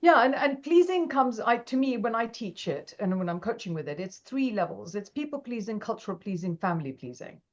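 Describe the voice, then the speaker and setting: A middle-aged woman, a podcast guest telling stories in a lively, animated way and acting out quoted voices. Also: a little high, fairly quick, few pauses, dull audio. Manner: animated, acts out quoted voices, laughs often. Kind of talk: casual interview storytelling.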